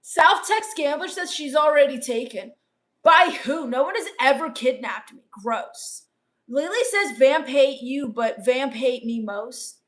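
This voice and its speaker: She hosts a comedy livestream and reads the chat in a measured pace with a high voice. The delivery is a gloomy gothic valley-girl drawl, flatly deadpan and scornfully misanthropic.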